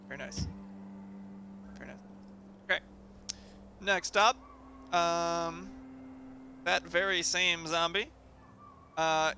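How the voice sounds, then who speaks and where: A man narrating as dungeon master in a tabletop game over voice chat, relaxed and full of fillers. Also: on the high side, gravelly, a little hiss or hum.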